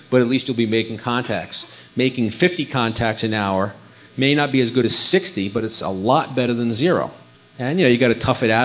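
A man giving an informal instructional talk, conversational and folksy, often repeating his words as he goes. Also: medium pitch. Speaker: amateur radio contester giving a talk. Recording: dull lo-fi recording.

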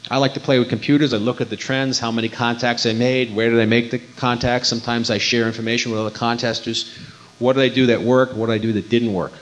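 A man's voice: medium pitch, fairly even intonation, fast. A man giving an informal instructional talk, conversational and folksy, often repeating his words as he goes. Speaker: amateur radio contester giving a talk. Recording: dull lo-fi recording.

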